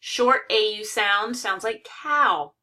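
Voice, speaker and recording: A woman gives a recorded pronunciation lesson from a handout, reading word lists slowly and clearly. Her voice is bright and her pace unhurried, with an occasional cough. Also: mid-range voice, expressive. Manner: slow, careful, reads word lists aloud one by one. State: coughing now and then. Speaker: English pronunciation teacher.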